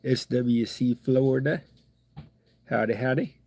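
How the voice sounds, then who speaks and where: Stuffed up middle-aged guy rambling folksy while he ties flies, husky mellow voice, dry sound. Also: medium pitch, steady tone, measured pace, dry recording. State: stuffed-up nose. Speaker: fly-tying livestream host. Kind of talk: casual live fly-tying chat.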